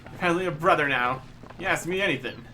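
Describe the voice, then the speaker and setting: A man voicing a rowdy, boozy middle-aged sailor who rambles cheekily in rough old-salt dialect. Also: a little high, fast, sharp tone, a little hiss or hum, poor audio. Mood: boisterous.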